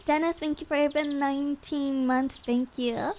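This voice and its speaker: High voiced young woman streamer, playful and giggly, talks slow and rambly. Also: fairly bright tone, a little hiss or hum. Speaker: VTuber streamer. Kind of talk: casual chat stream.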